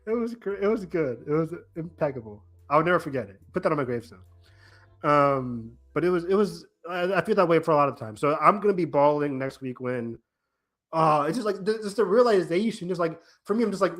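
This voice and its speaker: A man co-hosting a casual podcast recap, talking in a rambling, animated way with many restarts and quoted reactions. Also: sits high, normal speed, soft background music. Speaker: podcast co-host.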